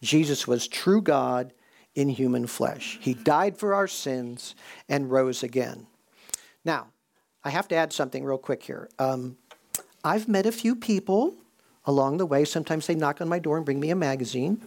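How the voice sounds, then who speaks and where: A man preaching a conversational sermon and slowing down to stress key points. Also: a little high, lively intonation. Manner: conversational preaching, slows for emphasis. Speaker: pastor.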